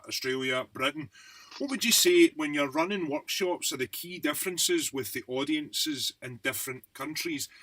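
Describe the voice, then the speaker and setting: A man with a Scottish accent, co-hosting a podcast and asking questions in a relaxed, chatty way. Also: medium pitch, dry recording. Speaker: podcast co-host. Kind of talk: conversational interviewing.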